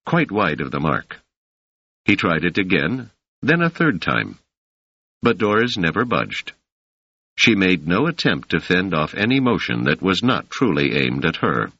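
A man narrating an audiobook in a measured, steady storytelling manner. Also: deep voice, breathy edge, no room sound. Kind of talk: scripted narration. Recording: dry, slightly muffled lo-fi audio.

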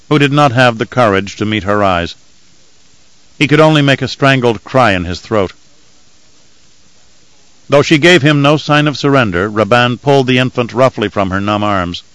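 A man narrating an audiobook in a steady, measured storytelling manner. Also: on the low side, no room sound, poor audio. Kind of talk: scripted narration.

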